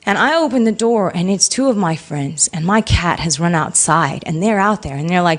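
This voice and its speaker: Speaking at a normal speed with few pauses, this interview guest opens up about something painful she went through. Her medium-pitched voice carries emotion and animation as she tells it.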